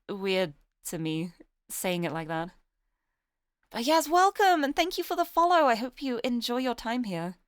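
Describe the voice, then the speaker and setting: A woman's voice: on the high side, smooth, no room sound, studio quality. A young British woman streaming a game, chatting with viewers and reading the story aloud. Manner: chatty, giggly, greets chat.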